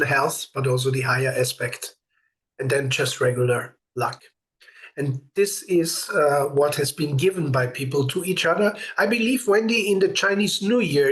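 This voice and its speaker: A man's voice: a little high, a bit bright. A man hosting a live ritual session, giving an earnest spiritual teaching, explaining things and greeting viewers by name. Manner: earnest and explanatory, with brief laughs.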